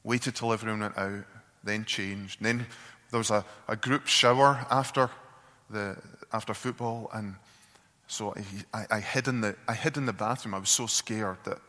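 A man voicing a grieving father who speaks quietly and haltingly about his past. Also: lowish voice, steady tone, big-room sound. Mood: broken. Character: broken grieving father recalling abuse.

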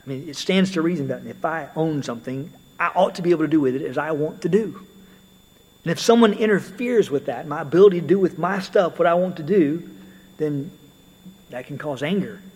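Husky-voiced man preaching in a hall. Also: fairly high pitch, fairly quick, darkish tone. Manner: conversational, storytelling asides with occasional fillers. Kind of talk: sermon.

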